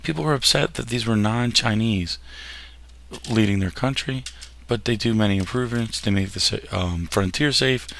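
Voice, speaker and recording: A man's voice: lowish voice, moderate pace, gravelly, a bit bright, a little hiss or hum. A man teaching a history lesson over slides, casual and jokey, often tripping over words and restarting them. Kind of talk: classroom lecture over slides.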